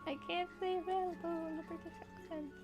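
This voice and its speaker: A woman's voice: extremely high pitch, little pitch movement, fast, music in the background. A woman casually chatting while playing a video game, thinking aloud and trailing off mid-sentence. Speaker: co-player. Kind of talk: casual gameplay chat.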